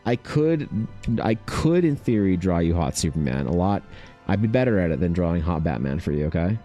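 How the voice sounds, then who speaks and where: A man's voice: deep voice, very animated, fairly quick, dark tone, soft background music. A man streaming while he draws, chatting in a rambling, profane, self-mocking way. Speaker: art streamer. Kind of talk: casual chat while drawing.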